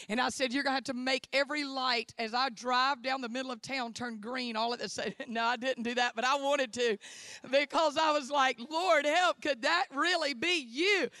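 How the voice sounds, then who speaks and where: A woman's voice: sits high, steady tone, normal speed, sharp tone, no room sound, studio quality. A woman preaching in church, telling her story with fervent hallelujahs and amens. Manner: fervent, exclaiming hallelujah and amen. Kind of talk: sermon testimony.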